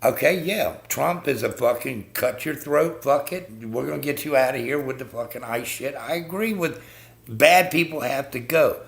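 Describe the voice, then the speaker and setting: Gravelly, heated man ranting on a live stream. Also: medium pitch, moderate pace. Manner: heated, blunt, swears constantly, talks to viewers as folks. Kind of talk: profane political rant on a live stream.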